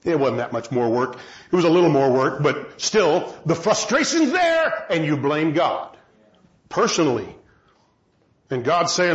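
A man preaches to a gathered congregation in a chatty, self-deprecating way, often turning questions to them. His voice sits high and swings widely in pitch. The sound is roomy and slightly muffled. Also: big pitch swings, a little slow. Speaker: pastor. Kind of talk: sermon. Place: large room with a congregation.

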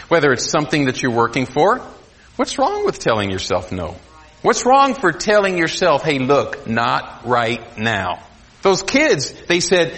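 A man preaching a sermon to a congregation, swinging between loud emphasis and quiet asides. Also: on the high side. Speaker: pastor.

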